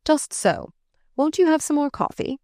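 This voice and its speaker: A woman voicing a charming, flustered gentleman who speaks to a child fondly and teasingly but uneasily, in an audiobook. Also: high voice, very animated, moderate pace, no room sound, studio quality, pitched above the performer's own voice.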